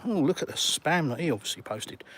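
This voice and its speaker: A man's voice: fairly high pitch, animated, fairly quick, a bit bright, a little hiss or hum. A middle-aged English man on a casual outdoor walk-and-talk live stream, bluntly and sarcastically reading out viewer comments and firing back at them. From England. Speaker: vlogger answering live chat. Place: outdoors on a seafront.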